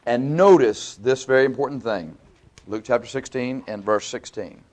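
A man preaching a sermon, asking his listeners questions and answering them himself, with loudness and pitch rising and falling. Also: moderate pace. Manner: varies pitch and loudness widely.

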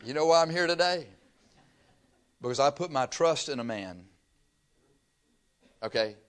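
A man's voice: fairly high pitch, expressive, a little slow. An older man from Texas, preaching a sermon through folksy, humorous stories. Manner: folksy storytelling with laughter.

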